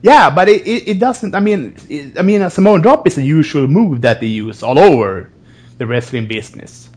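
Male podcast co-host, slightly high and lively, restarts often. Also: moderate pace. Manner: repeats words, laughs often. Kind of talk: casual chat.

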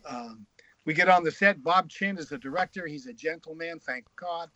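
A man, a guest author, telling crude, frank stories in a casual, animated way. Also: a little high, moderate pace, no echo. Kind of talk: casual anecdotal storytelling.

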